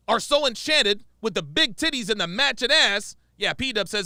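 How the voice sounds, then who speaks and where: A man's voice: very high voice, animated, moderate pace, few pauses, pushed and bright, no echo, clean studio sound. A man giving profane, exasperated reaction commentary, repeating his points with emphasis.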